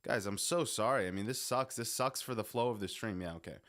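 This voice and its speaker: A man's voice: lowish voice, brisk, a bit bright. Rambling, cursing young male streamer. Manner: rambling, swearing, self-interrupting. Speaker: live streamer. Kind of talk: casual live-stream commentary.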